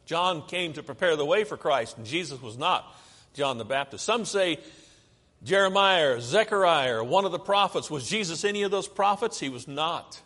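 A man's voice: on the high side, expressive, normal speed, sharp tone. Preacher man in a reverberant hall. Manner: asks the congregation questions and answers them himself. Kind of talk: sermon with slides. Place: church sanctuary.

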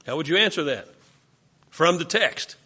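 A man's voice: a little high, lively intonation, moderate pace, bright, forceful tone, breathy edge. A man leading a Bible study class, questioning his students and coaching them through the text.

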